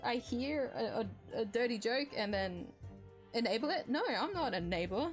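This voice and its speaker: A woman's voice: fairly high pitch, animated, normal speed. A woman streaming a courtroom game and chatting playfully, with frequent giggles and teasing asides. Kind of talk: casual game commentary. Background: faint background music.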